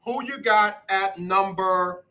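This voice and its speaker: A man hosting a casual sports talk radio show, quizzing his guest in a brisk, repetitive rhythm. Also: sits high, sharp tone, rough recording.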